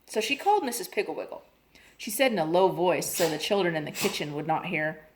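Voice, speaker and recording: A woman's voice: fairly low pitch, brisk. A woman expressively reading a children's chapter book aloud. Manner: expressive, lively. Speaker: reader.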